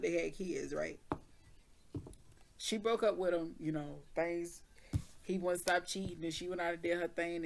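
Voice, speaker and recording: A woman's voice: fairly low pitch, creaky, darkish tone, slight background noise. A woman reading tarot cards, then telling a story in casual, slangy speech. She laughs often and acts out both sides of the conversation. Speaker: tarot reader.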